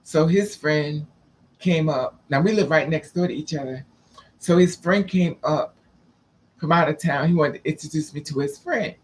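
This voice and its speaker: A man's voice: a little high, normal speed, slight background noise. A man telling stories in a sassy, camp, dramatic way, acting out the people he quotes. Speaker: storyteller. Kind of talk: casual storytelling monologue.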